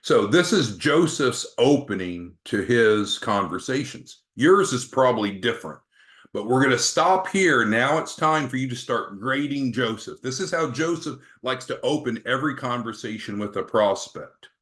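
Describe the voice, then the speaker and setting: A man's voice: mid-range voice, expressive, normal speed, fairly bright tone. Upbeat man coaching a sales team. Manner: calls on team members by name, upbeat and coaching. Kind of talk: online sales training meeting.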